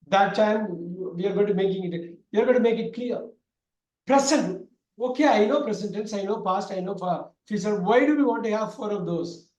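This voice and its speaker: A man teaching an online grammar class, talking loudly and repeating himself with many fillers. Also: sits high. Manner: loud, repetitive explaining with many fillers. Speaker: English teacher. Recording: echoey room.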